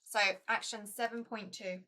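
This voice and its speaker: A young woman streams her board game play in a chatty, easily excited way. Her voice is bright and sits a bit high, with a playful, giggly lilt. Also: normal speed. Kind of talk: casual live-stream board game playthrough.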